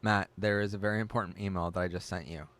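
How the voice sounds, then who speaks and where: Guy on a livestream, kinda low voice, gets super excited reading chat. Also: quick pace. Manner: excitable, gasping, reads chat aloud. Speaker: livestream host.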